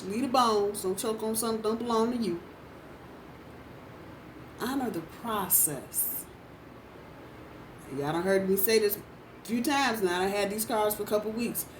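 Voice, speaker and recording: A woman giving a casual tarot reading in a blunt, profane way, repeating phrases for emphasis. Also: medium pitch. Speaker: tarot reader. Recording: roomy, distant mic, faint background noise.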